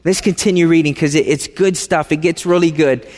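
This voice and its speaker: High-voiced man preaching in a reverberant hall. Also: steady tone, brisk, darkish tone. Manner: conversational, asks the congregation questions; emphatic, repeats phrases for stress. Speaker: pastor. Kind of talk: sermon.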